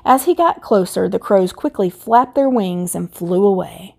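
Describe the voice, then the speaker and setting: A woman reading a children's picture book aloud in a gentle, measured way. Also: medium pitch, expressive, gravelly. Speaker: storybook reader.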